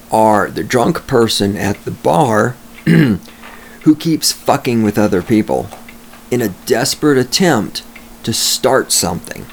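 A man's voice: medium pitch, creaky, a little hiss or hum. A man hosting a solo podcast, ranting with sarcasm and heavy profanity, talking at his home microphone. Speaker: podcast host.

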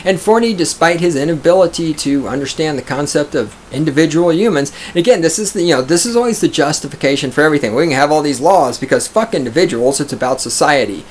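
Quick and animated with few pauses, a high-leaning male voice reads an article and fires back sarcastic, profane reactions. He mimics others in raised voices to mock them, and there's slight background noise.

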